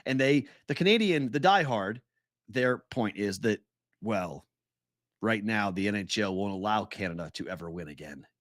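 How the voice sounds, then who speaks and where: A low-pitched man talking sports in a casual, animated way, often laughing through his stories. The sound is dry and close, with no room around it. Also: normal speed, dry recording. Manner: chatty, laughing, animated retellings. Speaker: sports betting podcast co-host.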